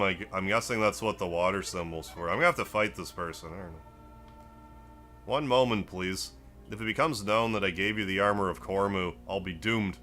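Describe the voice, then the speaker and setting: A man with a fairly low voice and a bright, forceful edge chats through a gameplay stream. He rambles easily, greets viewers by name and thinks out loud between moves. Quiet game music sits faintly behind him. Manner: relaxed, rambling, greets chat, muses aloud. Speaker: gaming live streamer. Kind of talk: casual gameplay stream chat.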